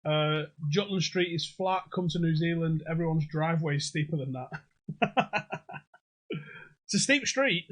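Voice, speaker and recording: A young man running a quiz livestream from home, all loose, jokey banter and swearing. His voice sits a touch high and rings bright and forceful on the desk mic. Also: unhurried, long pauses. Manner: jokey, sweary, reads out chat comments. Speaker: pub quiz host. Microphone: desk microphone.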